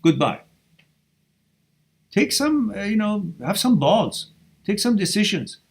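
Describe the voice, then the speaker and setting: Blunt, animated man giving tough-love advice. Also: high voice, measured pace, creaky. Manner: reads viewer questions aloud and answers directly. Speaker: live Q&A host giving relationship advice. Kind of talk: live-stream Q&A advice.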